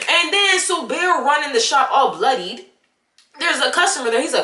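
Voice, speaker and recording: A young woman vlogging a casual movie review, animated and exasperated as she talks straight to the viewer. Her voice is bright and a little sharp. It rings in an echoey room. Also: high-pitched, moderate pace.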